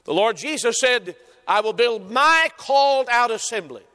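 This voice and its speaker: High-voiced preacher in a reverberant hall. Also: male voice, lively intonation, sharp tone, clear, resonant tone. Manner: emphatic preaching with repeated phrases and drawn-out stresses. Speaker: pastor. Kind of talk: sermon.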